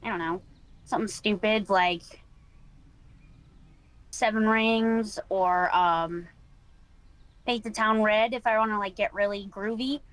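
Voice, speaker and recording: A woman who streams, answering interview questions in a relaxed way and laughing easily. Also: mid-range voice, slow, long pauses, no room sound, rough recording. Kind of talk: casual online interview.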